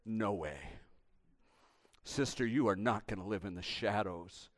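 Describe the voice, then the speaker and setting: A man preaching voices a gentle male teacher, speaking softly and tenderly. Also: a little high, lively intonation, a little slow, smooth. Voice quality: soft, tender.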